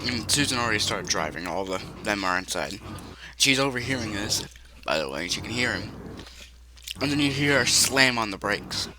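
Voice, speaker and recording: A man narrating a choose-your-own-path game as game master, halting and correcting himself as he goes. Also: lowish voice, animated, background noise. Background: music.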